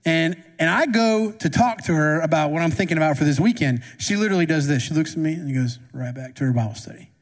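A man's voice: on the high side, lively intonation, fast talker, hardly any pauses. A man preaching a sermon as pastor, talking conversationally and asking the congregation questions. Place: church sanctuary. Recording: long reverb of a church hall.

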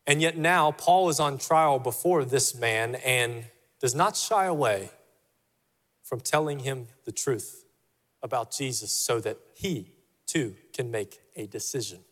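A man's voice: medium pitch, a little slow, a bit bright, long reverb tail. A male pastor preaching a sermon in a church, emphatic and repeating his key phrases for weight. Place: church sanctuary.

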